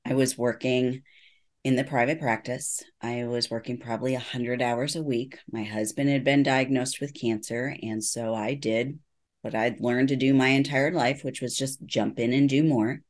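A woman's voice: extremely low pitch, fairly even intonation, moderate pace, a little mellow. A middle-aged woman, a neuropsychologist, telling her story as an interview guest in an earnest storytelling manner. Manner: earnest storytelling, acts out quoted dialogue. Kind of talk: personal testimony in interview.

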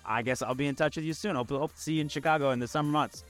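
A man's voice: on the high side, fairly bright tone, soft background music. A man in his thirties hosting a podcast, upbeat and enthusiastic as he chats with a guest. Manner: upbeat, enthusiastic, quick-talking. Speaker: podcast host. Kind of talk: casual interview chat.

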